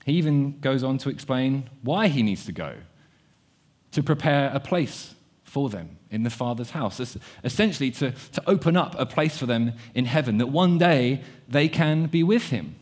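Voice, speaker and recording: Husky man preaching earnestly. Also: medium pitch, normal speed. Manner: earnest, repeats words, shifts between quiet and animated. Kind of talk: sermon.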